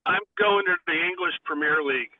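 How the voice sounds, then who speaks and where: A man's voice: fairly high pitch, brisk. A man co-hosting a sports betting podcast in casual chat, laid-back and full of hesitant fillers. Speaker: podcast co-host. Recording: tinny phone line.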